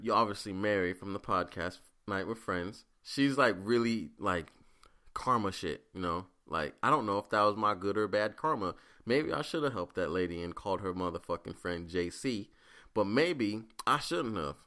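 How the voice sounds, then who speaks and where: A man's voice: on the low side, bright, forceful tone. A man hosting a solo podcast, telling a rambling, profane story in a casual way. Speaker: podcast host.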